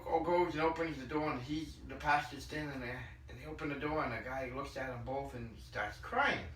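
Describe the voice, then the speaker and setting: A man tells stories in a casual, chatty way, slipping into quoted voices and clearing his throat between lines. His tone is bright and forward. He sits some way from the mic in an echoey room with a faint hiss behind him. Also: fairly high pitch, recorded from a distance. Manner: retells anecdotes with lively quoted dialogue, clears throat often. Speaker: podcast host. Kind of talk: casual storytelling.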